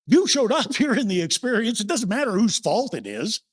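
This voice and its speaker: An older man preaches to his congregation in a relaxed, folksy way, telling stories from his own life. His voice sits a little high and swings widely up and down as he asks the room questions. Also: moderate pace, breathy edge. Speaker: minister. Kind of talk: sermon. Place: church sanctuary.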